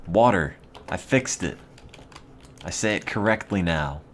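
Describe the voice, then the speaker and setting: A young man with an East Coast American accent and a very low voice talks on a casual game stream. His delivery is dry and mock-serious as he rambles. Faint keyboard typing sits in the background. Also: unhurried, a bit bright, a little hiss or hum. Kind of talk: casual gaming stream chat.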